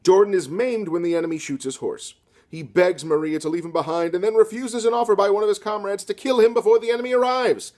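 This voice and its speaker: A man delivering a satirical scripted literature lecture with deadpan, sarcastic asides. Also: high-pitched, fast talker. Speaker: comedy lecturer.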